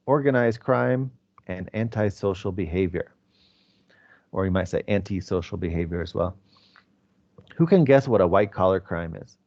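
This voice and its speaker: Man, English teacher, relaxed dark tone, explanatory, slightly dull lo-fi audio. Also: mid-range voice. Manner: explanatory, conversational, with fillers. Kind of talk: live class teaching.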